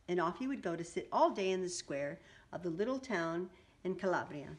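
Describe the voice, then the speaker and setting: A woman reading a children's picture book aloud, animated and adding chatty asides. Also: lowish voice, a little fast.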